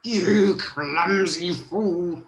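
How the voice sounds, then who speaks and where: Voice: mid-range voice, drawn-out words, echoey room, slight background noise. A reader voicing a wicked old woman, a disguised queen, who screeches. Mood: screeching.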